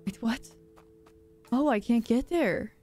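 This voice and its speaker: Gushing, excitable woman streamer. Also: on the high side, takes it slowly, soft background music. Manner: gushing and excitable, gasping at cute things. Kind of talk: live-stream game commentary.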